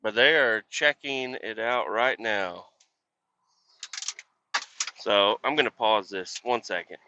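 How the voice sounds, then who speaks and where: A man talking while driving his truck, cursing and ranting at other drivers on the highway. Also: takes it slowly, sharp tone, highs cut off. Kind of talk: casual driving vlog. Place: inside a truck cab on the highway.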